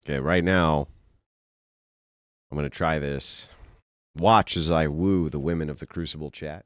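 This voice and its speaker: A man's voice: rumbling low, fairly even intonation, measured pace, no echo. A man streaming, mocking a clip with dry sarcasm. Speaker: streamer and debate host. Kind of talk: mocking live-stream commentary.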